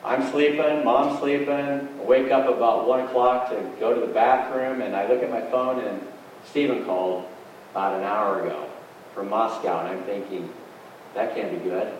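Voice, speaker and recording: A man's voice: mid-range voice, fairly even intonation, normal speed, muffled recording. A middle-aged man preaching in a folksy, conversational way, telling a plain-spoken story about his family. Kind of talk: storytelling sermon. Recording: echoey hall, distant mic, faint noise.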